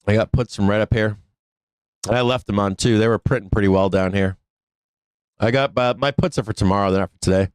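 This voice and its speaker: A man's voice: on the low side, brisk, clean tone, no echo. A middle-aged man hosting a live stock market show, chatting casually and candidly, swearing and laughing often. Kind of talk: casual live-stream talk.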